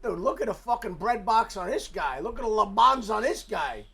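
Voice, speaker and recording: Profane man shouting reactions on stream. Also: sits high, animated, moderate pace, gravelly, a crowd in the background. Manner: profane, blurts loud exclamations. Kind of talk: casual reaction commentary.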